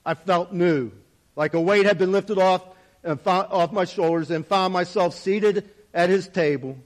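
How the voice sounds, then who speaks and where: A man with a fairly high voice tells a first-person parable earnestly. His delivery is dramatic, swelling and dropping in loudness as he speaks. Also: a little slow. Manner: earnest, dramatic storytelling with wide swings in volume. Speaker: storyteller.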